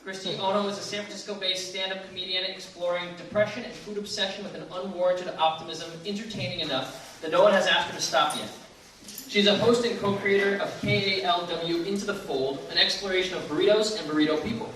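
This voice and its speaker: A man hosting a live reading, relaxed as he reads out the next performer's bio. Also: sits high, brisk. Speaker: event host. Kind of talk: introducing a reader. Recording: echoey room, distant mic, faint noise.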